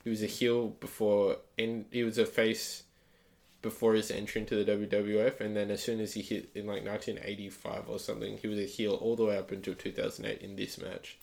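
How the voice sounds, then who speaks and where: A man's voice: lowish voice, little pitch movement, a little fast, vocal fry, a little mellow. A young man co-hosting a wrestling review podcast, dryly teasing his co-host and sharing trivia. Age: young adult. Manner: dry, teasing, tells fun facts. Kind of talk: casual wrestling review chat.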